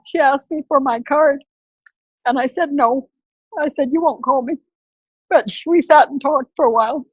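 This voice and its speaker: A woman's voice: high-pitched, dry recording, rough recording. A woman sharing on a video call while weepy, laughing through tears and apologizing for crying. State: tearful, weepy. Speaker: group call participant.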